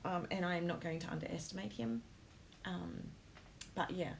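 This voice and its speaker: A woman hosting a casual live stream, talking straight to her viewers and reading their comments. Her voice carries a gravelly edge, and she fills her pauses with ums. A faint hum sits in the background. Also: lowish voice, rough recording. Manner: emotional, many ums, talks to comments. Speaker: host of a planner live stream.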